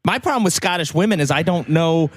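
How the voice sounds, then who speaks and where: A man co-hosting a podcast, playful and loud in casual banter, laughing often. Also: a little high, lively intonation, fast talker, slight background noise. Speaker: podcast co-host.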